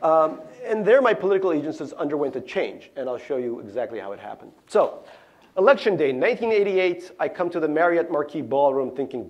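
A middle-aged man from Russia, an author, reading his memoir aloud in a lecture hall, with a wry, deadpan delivery and little spoken asides. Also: on the high side, brisk, lo-fi sound.

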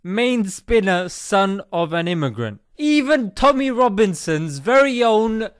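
A man's voice: high-pitched, big pitch swings, a little slow, no echo, clean studio sound. A man hosting a satirical comedy commentary, cheeky and jokey, calling everyone mate. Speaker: comedy host.

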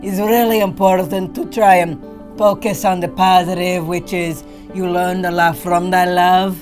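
A woman giving steady, earnest breakup advice in a put-on character voice. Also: fairly low pitch, unhurried, soft background music. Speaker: guest giving dating advice.

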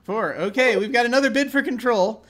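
Halting, chuckling game master man. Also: extremely high pitch, fairly bright tone, a little hiss or hum. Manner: halting, many fillers and restarts, laughs often. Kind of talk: narrating a tabletop game, casual.

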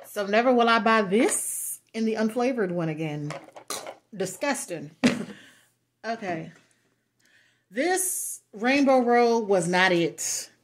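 A woman's voice: mid-range voice, animated, slow pace, pauses often, slight background noise. A woman vlogger chatting casually through product reviews, blunt and frank, cussing freely and laughing often. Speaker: beauty and lifestyle vlogger.

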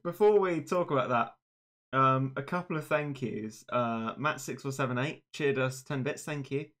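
A man's voice: medium pitch, moderate pace, a bit bright. A man, chatting casually on a live stream with dry, self-deprecating humor.

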